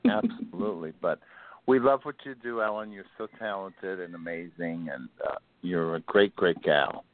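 Male caller, lowish voice, gushing and chatty, telephone sound. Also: moderate pace. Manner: enthusiastic, rambling, effusive. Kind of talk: phone-in chat. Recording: telephone line.

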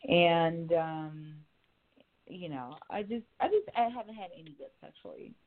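A woman's voice: lowish voice, lively intonation, a little slow. Profane woman on a tinny phone line. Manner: frank and profane, laughing often. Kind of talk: casual call-in chat.

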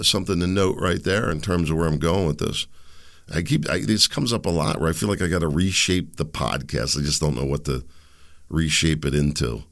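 Low-pitched and gravelly, yet a bit bright, this man's voice carries a solo podcast. He wanders through his points conversationally, fixes his own sentences partway, and poses pointed questions with an opinionated, questioning attitude.

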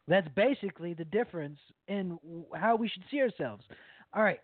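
Male host, churchy and enthusiastic, somewhat high voice, dry lo-fi phone sound. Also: expressive, moderate pace, no room sound. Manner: enthusiastic, addressing listeners as brothers and sisters. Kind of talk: preacher-style show hosting. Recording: tinny phone-like line, dry.

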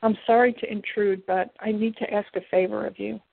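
A woman's voice: mid-range voice, fairly even intonation, brisk, vocal fry, husky, no echo. A woman voicing a polite, loyal male spirit servant with formal, courteous phrasing. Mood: earnest. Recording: tinny phone-like, dry.

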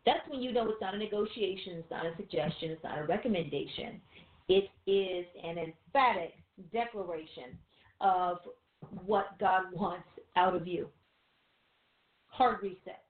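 A woman co-hosting a Christian teaching show, preaching in a loose, conversational way with rhetorical questions and quick asides. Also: medium pitch. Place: room with a few listeners behind the cameras. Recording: tinny phone-like sound in an echoey room.

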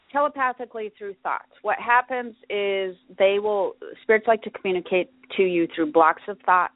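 A woman with a fairly low voice hosts a solo podcast, chatting about her topic with plenty of fillers and false starts. The audio is dry and phone-like, with no sound of the room.

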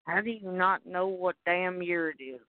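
A woman's voice: fairly low pitch, steady tone, moderate pace, dry recording. Woman, Southern US accent, rambling co-host, cursing storyteller, tinny phone line, dry sound. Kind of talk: casual call-in radio chat.

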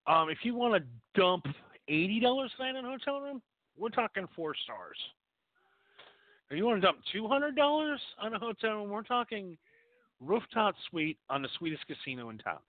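A man's voice: sits high, moderate pace, narrow, tinny audio. A man hosting a call-in show, talking crudely and rambling. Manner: profane, rambling and animated. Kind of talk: crude casual call-in talk.

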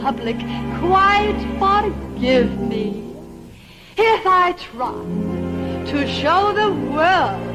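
A woman's voice: very high voice, sing-song, drawn-out words, over music, exaggerated voice, low-quality recording. An actress playing a theatrical female movie star diva, talking in a grandiose, breathless, melodramatic gush in the style of 1940s film musicals.

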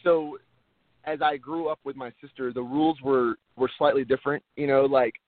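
A man's voice: mid-range voice, steady tone, normal speed, no echo. A man, an actor being interviewed, talking earnestly and casually, often repeating words as he restarts. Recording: tinny phone-like line, dry.

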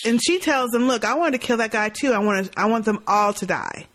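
A woman's voice: a little high, fairly quick. A woman co-hosting a podcast, chatting casually as she recaps a TV episode and acts out lines from scenes. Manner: animated, laughs often, acts out lines from scenes. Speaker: podcast co-host.

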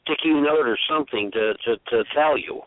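A man who is a church deacon, a guest on a call-in radio show, speaking earnestly with halting restarts. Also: mid-range voice, no room sound. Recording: tinny phone line, dry.

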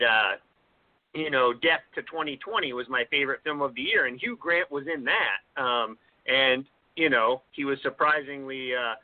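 A man's voice: medium pitch, no room sound. A man co-hosting a casual film podcast, talking in a rambling, hesitant way with lots of fillers. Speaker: podcast co-host. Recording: thin phone-like audio, dry.

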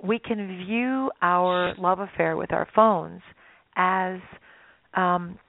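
On a radio interview, a woman guest expert with a lowish, gravelly voice tells stories slowly, acting out little voices as she explains. The line is dry and phone-like.

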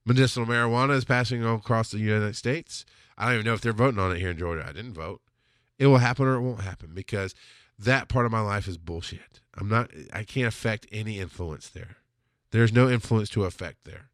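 A man, a father and podcast host, telling a confessional personal story with plenty of swearing, swinging from loud outbursts to quiet, subdued lows. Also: a little fast, no echo, clean studio sound.

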